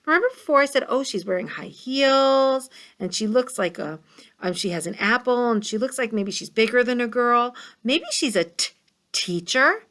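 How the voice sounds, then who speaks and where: A woman's voice: a little high, moderate pace, a bit bright. A woman teaching kindergartners a reading lesson, patient and encouraging, sounding out words. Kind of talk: read-along reading lesson.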